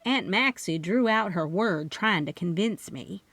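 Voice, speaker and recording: Lively woman audiobook narrator. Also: on the low side, unhurried, hardly any pauses, no echo. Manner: expressive, lively character reading. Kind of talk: first-person audiobook narration.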